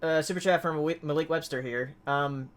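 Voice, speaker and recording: A man's voice: on the high side, fairly even intonation, normal speed, a bit bright. A man co-hosting a casual podcast, reading viewer messages in an easygoing way. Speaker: podcast co-host reading super chats. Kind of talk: casual chat.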